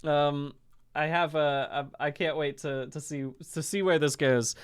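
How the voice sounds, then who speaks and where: A man streaming live, chatting casually to his audience, animated and self-mocking, and often laughing. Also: on the high side, unhurried, clean tone.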